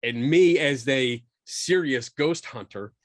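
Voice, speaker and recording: A middle-aged man, a guest on a podcast, telling a story from his own life in a lively, self-mocking way and acting out what people said. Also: mid-range voice, slow pace, no room sound, studio quality. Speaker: guest, skeptical paranormal investigator. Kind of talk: casual storytelling in a podcast interview.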